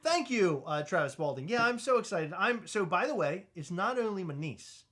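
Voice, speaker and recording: A man co-hosting a podcast in casual chat, loud, joking and teasing. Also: high voice, very animated, normal speed. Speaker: podcast co-host.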